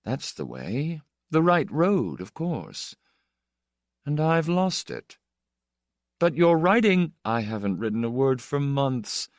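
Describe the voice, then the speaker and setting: A man's voice: medium pitch, very animated, slow, no room sound, studio quality. A man voicing an anguished young male poet who talks with bitter, self-mocking intensity. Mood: weary.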